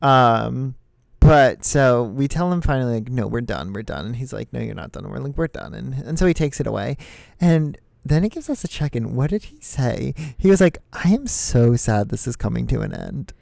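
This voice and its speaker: A man's voice: mid-range voice, animated, moderate pace, vocal fry, darkish tone, no echo, studio quality. A young man co-hosting a podcast, telling stories in a laid-back, casual way. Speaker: podcast co-host. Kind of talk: casual chat.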